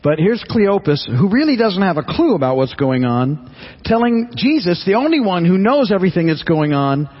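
A man's voice: high-pitched, very animated, normal speed, slightly rough, lo-fi sound. A man preaching a sermon in an earnest, conversational way, often restarting and repeating his words. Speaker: pastor.

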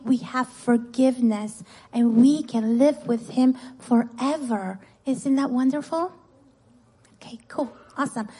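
Husky-voiced woman telling children a story. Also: on the high side, low-quality recording. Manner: animated, keeps asking "right?" and "guess what?". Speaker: children's ministry teacher. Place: church.

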